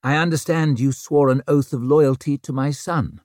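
A man's voice: mid-range voice, fairly even intonation, moderate pace, a little mellow, no room sound, studio quality, pitched above the performer's own voice, lightly acted. A man doing a composed, regal lady regent. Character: poised, regal young woman regent.

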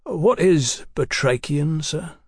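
A man voicing a dry, measured Victorian detective. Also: on the high side, animated, slightly rough, no room sound, pitched above the performer's own voice, exaggerated voice. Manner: dry, measured, politely probing. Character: dry, deliberate Victorian police detective, male.

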